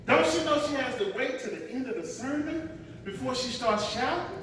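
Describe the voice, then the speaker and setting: A high-voiced male pastor preaches a sermon in a large church sanctuary, picked up from a distance in an echoey hall with slight background noise. His intonation is lively, his tone sharp, and his speed normal. He swings dramatically, acts out voices, and keeps returning to the refrain "watch this."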